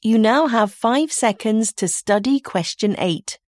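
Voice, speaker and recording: A woman narrating a recorded listening exam, reading the instructions clearly and deliberately. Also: on the high side, animated, a little mellow.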